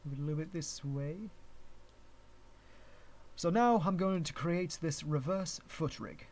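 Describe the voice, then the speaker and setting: A man's voice: a little high, a little slow, darkish tone. Chatty English-accented man thinking aloud. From Canada. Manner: chatty, rambling, restarts often, chuckles at himself. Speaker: streamer teaching 3D rigging. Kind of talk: live-stream tutorial, thinking aloud.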